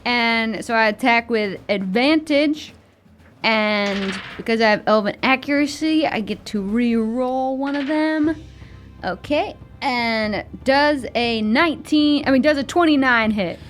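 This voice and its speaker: A woman's voice: a little high, measured pace, soft background music. Brash, playful woman tabletop player. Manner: brash and playful in character, chatty out of it. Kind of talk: playing a character in a tabletop game.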